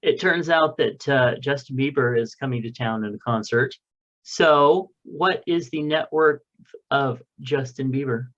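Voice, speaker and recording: A man's voice: medium pitch, a little slow, a bit bright, dull audio. A man co-hosting a casual podcast, reading listener mail aloud in a loose, joking way with the odd swear. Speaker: podcast co-host.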